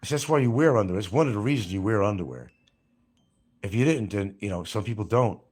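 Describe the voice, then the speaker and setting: A man's voice: lowish voice, animated, fast talker, a little mellow, slightly rough, faint music behind. A man hosting a livestream, reading chat comments aloud and mocking people in a rambling, crude way. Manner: crude, mocking, laughs at his own jokes.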